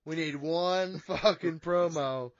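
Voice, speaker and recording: Guy cohosting a wrestling podcast, high voice, swears a lot, dull dry sound. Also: slow pace, dry recording. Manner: joking, profane, teasing. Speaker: podcast co-host. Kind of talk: casual wrestling chat.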